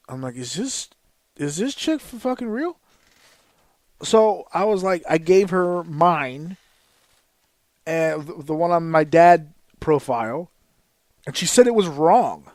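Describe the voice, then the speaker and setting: A man hosting a podcast, telling a story as a profane, exasperated rant with sudden loud outbursts. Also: on the high side, dry recording, clean studio sound. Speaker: podcast host.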